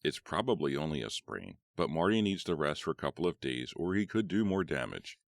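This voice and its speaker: A man voicing a calm adult female school nurse who talks in a gentle, reassuring way. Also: extremely low pitch, a little fast, gravelly, no echo, clean studio sound, heavily acted.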